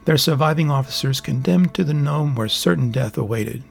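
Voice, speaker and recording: A man's voice: mid-range voice, moderate pace, creaky, pitched above the performer's own voice, close to an everyday voice. A man reading an audiobook voices a distrustful young traveler who presses insistently for answers. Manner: insistent, guarded.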